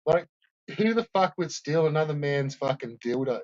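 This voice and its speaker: A man's voice: fairly high pitch, lively intonation, moderate pace, a little mellow, no room sound, dull audio. A man rambling through a profane, casual commentary, laughing often.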